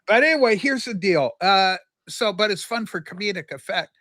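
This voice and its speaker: An older man from Canada, co-hosting a casual livestream and telling a rambling story with lively asides. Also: high-pitched, moderate pace, dry recording. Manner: animated, jumps between asides and acted quotes. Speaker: livestream co-host.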